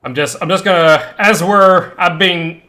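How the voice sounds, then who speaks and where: A man talks casually as a player in a tabletop game, in a bright, forward voice. He hesitates often and sounds amused. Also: high voice, measured pace.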